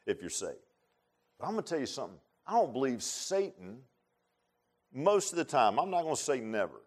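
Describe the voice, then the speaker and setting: A middle-aged man preaching a sermon in a folksy, repetitive way, rising to loud, emphatic bursts. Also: mid-range voice. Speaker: pastor.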